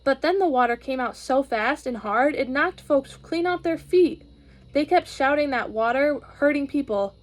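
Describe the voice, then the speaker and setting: Expressive woman reading a storybook. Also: high voice, normal speed. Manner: expressive, gently explaining. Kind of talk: storybook read-aloud.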